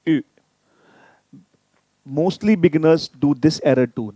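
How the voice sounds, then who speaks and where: A man teaching German in a live online lesson, repeating each sound slowly so viewers can copy it and inviting them to type in questions. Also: medium pitch, warm tone, dry recording. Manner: addresses viewers directly, inviting typed questions.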